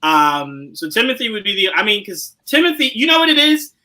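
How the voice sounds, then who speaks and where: A man hosting a casual podcast chat, animated and laughing often, dropping to low asides and jumping to loud outbursts. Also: brisk, rough recording. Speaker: podcast host.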